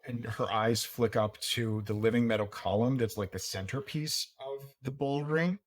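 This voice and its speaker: A man's voice: mid-range voice, fairly even intonation, normal speed, hardly any pauses. A man narrating and calling checks as game master, in a hesitant, filler-heavy way. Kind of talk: running a tabletop game.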